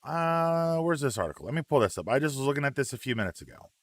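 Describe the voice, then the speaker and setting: A man hosting a relaxed live wrestling chat, reading out viewer comments with plenty of ums and uhs. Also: medium pitch, fast talker, no echo.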